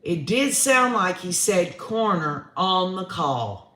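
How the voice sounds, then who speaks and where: A man's voice: high-pitched, big pitch swings, takes it slowly, sharp tone. A man hosting a true crime live stream, reading viewer comments aloud in a folksy, chatty way. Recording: roomy echo.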